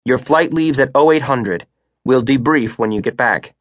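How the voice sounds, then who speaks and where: A man reading an audiobook voices a sharp, spunky female operations manager in a brisk, wry, businesslike way. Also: medium pitch, dry recording, studio quality, close to an everyday voice. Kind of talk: audiobook character voice.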